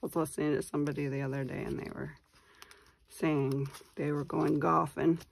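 Low-pitched and level in tone, a woman in her forties from Wisconsin talks at a moderate pace with vocal fry. She hosts a papercraft channel, chatting casually and muttering to herself during the tutorial. Slight background noise is present.

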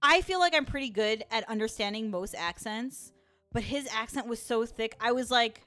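A young woman with a Chicago accent chats loosely with her stream audience, breaking into laughter and reacting to messages as they come. Her voice sits a touch high, and the sound is close and dry. Soft music plays faintly behind her. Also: moderate pace, dry recording. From Chicago, USA. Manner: chatty, laughs often, reacts to chat. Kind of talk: casual live-stream chat.

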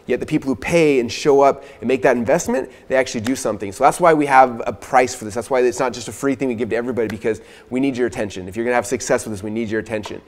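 Male co-presenter, earnest pitch, rapid-fire delivery; recorded with a long room reverb. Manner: earnest, speaks to viewers directly. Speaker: course co-presenter. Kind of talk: persuasive sales pitch. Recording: long echo of a large room.

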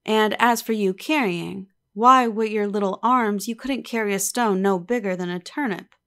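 A woman voicing a gentle, tender old village weaver who speaks slowly in a rustic way. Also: mid-range voice, lightly acted. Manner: slow, soft and rustic.

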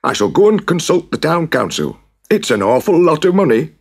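A man's voice: fairly high pitch, sing-song, moderate pace, creaky, breathy edge, voice pushed up, exaggerated voice. A man voicing a flustered, blustering town mayor who hems and stammers in a spoken storybook. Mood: indignant. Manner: dithering, hemming and stammering.

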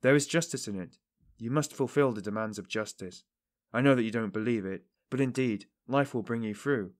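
An earnest middle-aged investigator, read by a man, presses and pleads with a suspect, fervent and preachy. The voice sits in a mid range and often lifts higher and louder as he urges. It is audiobook narration. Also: brisk, natural voice.

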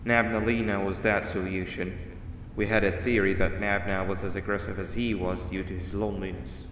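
A man voicing a grim male game character who guides the player in a low, serious and explanatory way. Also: flat delivery, normal speed, fairly bright tone, slight background noise. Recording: echoey, distant in-game audio.

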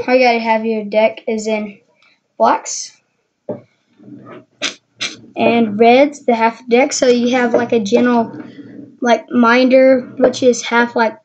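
Speaking slowly with long pauses, a woman with a fairly high, darkish voice and fairly even intonation shows off magic tricks. Her casual how-to tutorial is rambling and hesitant. The recording is dull and lo-fi, with faint noise.

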